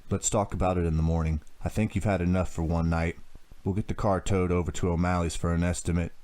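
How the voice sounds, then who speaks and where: A gruff middle-aged police officer father in a thriller audiobook, speaking in a low, unhurried drawl, voiced by a man. He sounds weary and businesslike. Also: flat delivery, darkish tone, close to an everyday voice.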